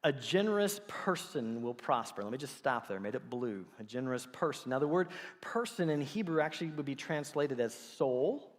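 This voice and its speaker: A man's voice: mid-range voice, moderate pace, few pauses, big-room sound. A middle-aged man preaching a sermon as pastor, telling stories and acting out the quotes he tells. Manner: animated storytelling, acts out quotes. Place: church sanctuary.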